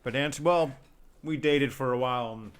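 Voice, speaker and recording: A man's voice: mid-range voice, normal speed. A man chatting on a podcast, hesitant and agreeable as he tells about a former roommate. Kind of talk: casual podcast chat.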